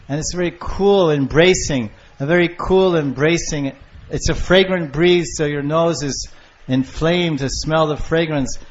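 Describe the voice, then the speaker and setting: An older man giving a devotional lecture on scripture, storytelling with lively acted-out voices. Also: fairly high pitch. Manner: animated storyteller, acting out lovers' calls. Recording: muffled lo-fi lecture recording.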